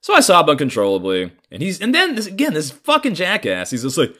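Animated, profane man in his thirties. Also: a little high, brisk, few pauses. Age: 30s. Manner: profane, animated, frequent fillers. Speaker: storyteller. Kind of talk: casual personal storytelling.

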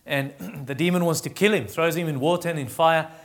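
A man preaching a sermon, retelling Bible stories and acting out the characters' pleas, with frequent restarts. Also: long reverb tail. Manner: acts out Bible voices in a raised pitch, quiet and slow on comfort; halting restarts while teaching.

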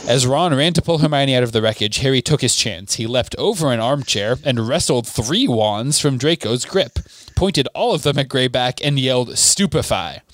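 A man's voice: mid-range voice, expressive, normal speed, no echo. A man hosting a book podcast, reading a novel aloud steadily and adding small asides to his co-host.

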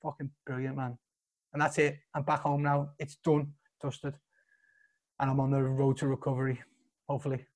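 A man's voice: medium pitch, flat delivery, normal speed, darkish tone. A man with a Liverpool accent, a soldier and podcast guest, telling his story bluntly with plenty of swearing and emphatic praise. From Liverpool, England.

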